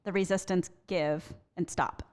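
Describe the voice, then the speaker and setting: A woman co-hosting a podcast interview, jumping in with quick follow-up points. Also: fairly low pitch, steady tone, darkish tone. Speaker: podcast co-host.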